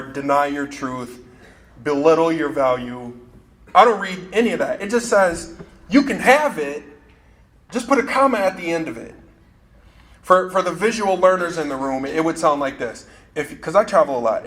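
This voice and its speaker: A man delivers a motivational keynote with an animated, storytelling manner and keeps joking with his audience. His voice sits a little high for a man. A faint room noise hums underneath. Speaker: keynote speaker.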